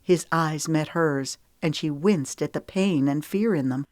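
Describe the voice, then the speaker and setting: A woman narrating an audiobook in an even, measured storytelling manner. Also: sits low, no echo, studio quality.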